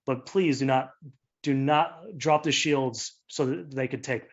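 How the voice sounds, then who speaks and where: A man voicing a desperate woman admiral on the run in a tabletop game, speaking low and quiet as she pleads. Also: unhurried, muffled recording. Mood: pleading. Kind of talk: improvised tabletop role-play voicing.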